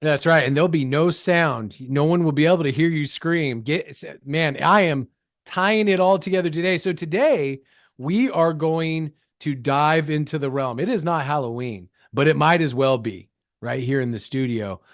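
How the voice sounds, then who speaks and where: A man co-hosts a comedy wrestling podcast with hammy, mock-grand emphasis. His voice sits a little high. He is recorded close and dry. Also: moderate pace, no room sound. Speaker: co-host.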